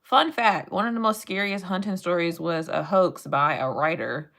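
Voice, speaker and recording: Chatty woman with a bright voice. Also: on the low side, moderate pace, creaky. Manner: playful, chatty, talks to chat and reads facts aloud. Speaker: live streamer. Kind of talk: casual live-stream chat.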